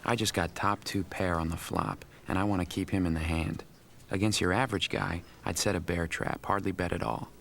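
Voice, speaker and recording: An actor voicing a young male poker player who calmly narrates his hand from a film clip. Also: low-pitched, fairly quick, gravelly, slight background noise. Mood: calculating.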